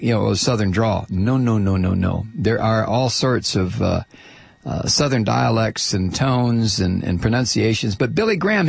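Speaking casually and bluntly, this middle-aged man wanders through his thoughts, frequently hesitating and starting over. The close, dry recording has no room sound and captures a husky, gravelly texture at a typical pitch.

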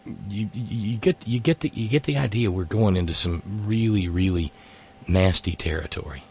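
A man's voice: deep voice, moderate pace, vocal fry, darkish tone, a little hiss or hum. A man hosting a satirical political rant. He is sarcastic and exasperated and stammers as he talks. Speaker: host.

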